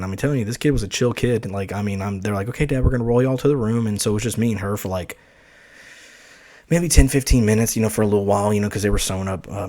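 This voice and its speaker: A young man telling a story casually on a podcast, animated, swearing freely and acting out the voices of the people he quotes. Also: on the low side. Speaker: podcast host.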